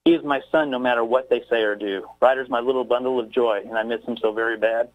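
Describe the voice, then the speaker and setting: A man's voice: medium pitch, steady tone, quick pace, phone-quality sound. Hesitant male poet reading aloud. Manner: hesitant, searching for words. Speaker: poet guest. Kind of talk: reading his own poem on a radio interview. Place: Texas, by phone into a radio show.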